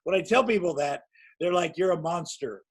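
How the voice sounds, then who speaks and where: A man's voice: high voice, normal speed, breathy edge, rough recording. A man in his sixties telling long, rambling, self-mocking anecdotes as a guest in a casual interview. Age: 60s. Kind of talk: casual storytelling.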